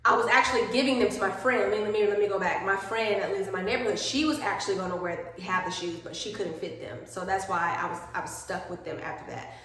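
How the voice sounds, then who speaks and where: A young woman telling a chatty storytime vlog, animated and acting out the people in her story. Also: mid-range voice, quick pace, few pauses. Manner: animated, acts out quoted people. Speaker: vlogger. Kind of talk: chatty storytime while doing skincare. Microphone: phone. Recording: very echoey room.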